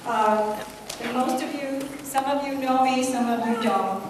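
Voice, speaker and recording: An older woman from the United States, telling a chatty story in a soft voice as a guest speaker at an anniversary party. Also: sits high, measured pace, background noise. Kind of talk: anniversary speech. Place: hotel banquet hall. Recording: echoey banquet hall from far off.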